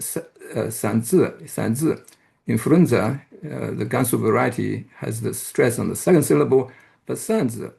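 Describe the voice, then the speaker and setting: A man giving an academic lecture who explains step by step, pauses often and checks in with the audience. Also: mid-range voice, vocal fry, a little mellow. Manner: hesitant, with frequent "uh" and restarts. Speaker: university lecturer.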